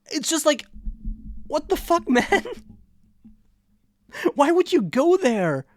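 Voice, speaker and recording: A woman's voice: high-pitched, very animated, dry recording. A young woman streaming live, chatting casually with viewers, swearing and laughing easily. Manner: loud swearing outbursts and quick laughter.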